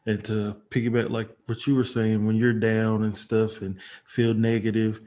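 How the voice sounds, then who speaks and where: This man talks in an earnest, measured way while co-hosting a casual chat. His pitch stays flat and level, with very little rise and fall.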